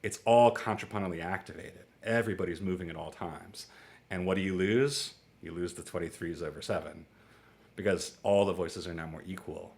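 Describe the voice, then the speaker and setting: A man in his forties teaching music theory in a casual, chatty lecture, digressing into stories and acting out little exchanges. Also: vocal fry. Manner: chatty and digressive, with quick asides and laughs; acts out dialogue with lively jumps in pitch. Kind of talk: casual lecture to a small online class.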